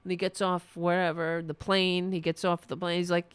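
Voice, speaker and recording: A woman's voice: lowish voice, steady tone, normal speed, clean tone, no room sound. A woman hosting a political livestream, ranting with passion, swearing freely and reading viewers' chat comments. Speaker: political talk show host.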